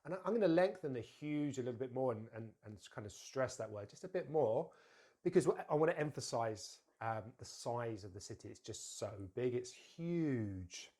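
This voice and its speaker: Man teaching pronunciation, deliberate and clear. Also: medium pitch, animated, darkish tone. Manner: slow, deliberate modelling of words with drills to repeat; explains plainly with frequent fillers and restarts. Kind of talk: pronunciation lesson.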